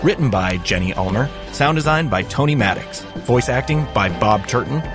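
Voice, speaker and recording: A man's voice: mid-range voice, lively intonation, normal speed. Man hosting a comedy podcast over music. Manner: mock-panicked, joking delivery. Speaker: podcast host. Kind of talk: scripted comedic narration. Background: music bed.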